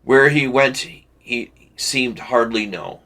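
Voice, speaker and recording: A man reads a classic novel aloud for a book club in a measured, deliberate way. His voice is gravelly with a creaky edge, and he takes his time, at a slow and steady pace. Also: medium pitch. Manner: measured, deliberate reading with occasional slips.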